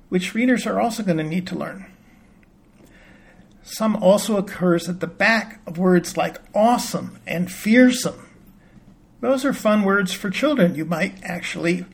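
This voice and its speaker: A man calmly explaining a word's spelling and pronunciation in a patient, plain-spoken teaching manner. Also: high-pitched, vocal fry, slightly rough. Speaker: reading teacher. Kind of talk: explanatory lesson.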